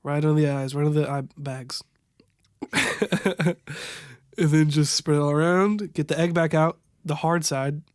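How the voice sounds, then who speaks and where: A young man improvising a makeup tutorial voiceover, halting and stumbling over product names, wryly amused by what he sees. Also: a little high, steady tone, clean tone, no echo, studio quality. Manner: wry, amused at the footage. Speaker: voiceover narrator.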